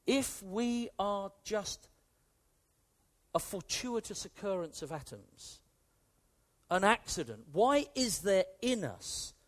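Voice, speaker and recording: Preaching a sermon, a man with a high voice swings sharply up and down in pitch. He speaks emphatically, circles back to the same phrases repeatedly, and questions his listeners directly.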